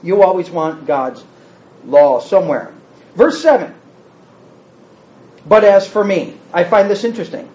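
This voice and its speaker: Animated high-voiced man teaching scripture. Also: unhurried, long pauses. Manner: animated, rhetorical questions to the class. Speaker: Bible teacher. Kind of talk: Bible study teaching. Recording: roomy, slightly dull recording.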